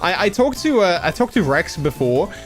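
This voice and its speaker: A young man hosting a casual livestream, rambling and halting with many restarts while a little under the weather. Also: high-pitched, big pitch swings, soft background music. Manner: acts out quoted people in a raised voice. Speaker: livestream host.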